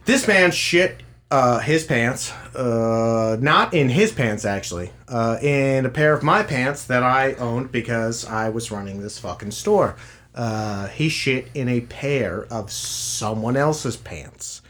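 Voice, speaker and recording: A man's voice: medium pitch, expressive, slow, a bit bright. A man on a podcast in a studio, telling a retail story in a crude, exasperated way and swearing constantly. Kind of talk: casual profane storytelling.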